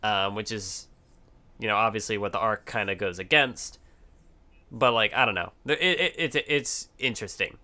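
A man casually discussing a manga series as a podcast co-host, thoughtful and halting with many restarts. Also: on the low side, sharp tone.

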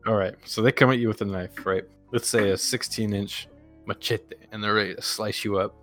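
A man with a fairly low voice chats casually as a podcast co-host. He rambles through stories and laughs often along the way. Faint music sits behind him. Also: steady tone, a little fast, fairly bright tone. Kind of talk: casual chat.

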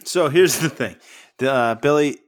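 A man's voice: mid-range voice, measured pace. A man co-hosting a podcast, teasing and matter-of-fact in casual chat. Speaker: podcast co-host. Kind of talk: casual fantasy football chat.

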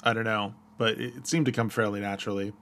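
Bright-voiced podcast host. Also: male voice, fairly low pitch, steady tone, quick pace. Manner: hesitant, self-deprecating, many fillers. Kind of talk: casual chat.

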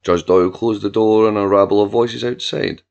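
A man narrating a story in a steady, measured way. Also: on the low side, creaky. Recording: dull lo-fi recording.

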